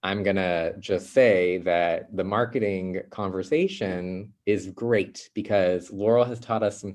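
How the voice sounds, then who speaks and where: A man hosting a podcast in casual banter, joking and self-deprecating, his pitch jumping up when he introduces himself. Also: a little mellow. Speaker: podcast host.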